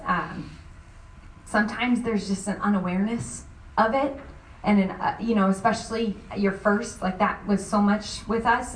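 Woman in her thirties, panel speaker, halting, many restarts, roomy echo, mic set back. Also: mid-range voice, a little hiss or hum. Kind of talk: faith-based panel talk. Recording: roomy sound from a distant mic.

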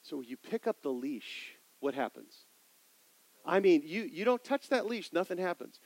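A middle-aged man preaching in a church sanctuary, asking the congregation questions and swinging between loud emphasis and quiet asides. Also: high-pitched, big pitch swings, a little slow, poor audio. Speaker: pastor. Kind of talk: sermon.

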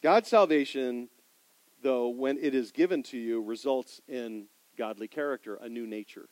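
A middle-aged man preaching in a church sanctuary, asking the congregation questions and swinging between loud emphasis and quiet asides. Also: medium pitch, moderate pace, dry recording, poor audio. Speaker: pastor. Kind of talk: sermon.

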